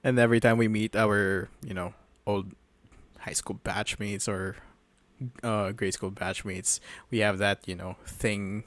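A man co-hosting a casual podcast and dropping wry, teasing asides. His voice sits somewhat low. It is recorded close and dry, with no room sound. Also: little pitch movement, measured pace, no echo. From Philippines. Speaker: podcast co-host. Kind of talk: casual chat.

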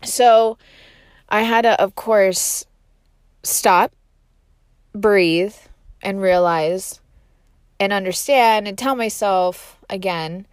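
A woman talks straight to the listener in a loose, rambling motivational monologue, peppering her thoughts with fillers and asides. Her voice sits at an ordinary middle pitch. The recording is close and dry. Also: extremely slow, long pauses, smooth, no room sound. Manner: candid and rambling, many fillers like "like" and "right?".

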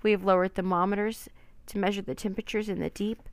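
A jovial old professor lectures on and on in a pompous way, his voice gravelly, as a woman reading a storybook puts him on. He sounds close and dry. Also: mid-range voice, little pitch movement, quick pace, no room sound, close to an everyday voice.

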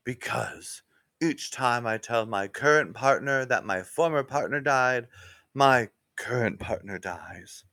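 A man playing a world-weary detective who grumbles in a lower voice. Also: slow pace, sharp tone, no room sound, clean studio sound. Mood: gruff. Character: gruff, world-weary mustached male detective.

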